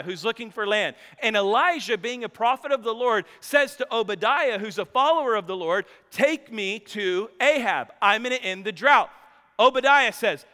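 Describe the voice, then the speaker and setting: A man preaching a sermon, retelling scripture in a lively storytelling way. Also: high-pitched, clear, resonant tone. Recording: long reverb of a hall.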